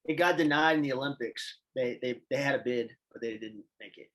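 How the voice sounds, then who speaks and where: A man who is an assistant coach, a guest on a podcast, talking in a relaxed, rambling, self-deprecating way. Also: medium pitch, fairly quick, poor audio. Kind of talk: casual chat.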